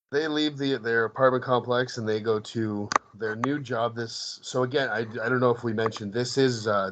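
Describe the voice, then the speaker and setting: Over some background noise, a man with a mid-range voice co-hosts a podcast, chatting casually about a comedy film. He rambles with frequent restarts and laughs while recounting scenes.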